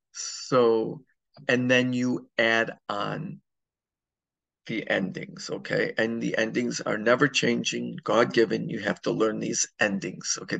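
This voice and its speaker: A man's voice: medium pitch, vocal fry, fairly bright tone, husky. A man teaching a grammar lesson, walking through examples step by step and checking understanding with frequent "okay?"s. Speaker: Spanish teacher. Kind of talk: classroom lesson.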